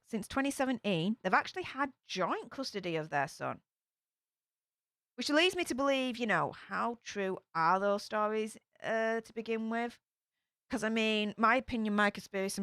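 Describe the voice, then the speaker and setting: A woman's voice: fairly high pitch, fairly bright tone, no room sound. Chatty woman, dry sound. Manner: chatty, speculative, with filler-heavy asides. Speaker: true crime channel host. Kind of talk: casual true crime commentary.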